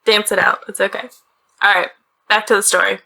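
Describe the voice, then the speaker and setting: Speaking a little fast from a cramped, closet-sized bedroom, a podcast host walks through a true-crime case in a relaxed, chatty style, punctuated by laughter. She's from the northeastern US, and her mid-range voice shows little pitch movement, with vocal fry and a pushed, bright quality.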